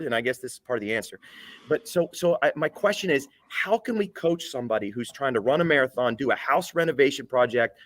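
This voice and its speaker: A man, a guest on a panel, telling a casual anecdote in a lively storytelling way before asking his question. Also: medium pitch, no echo.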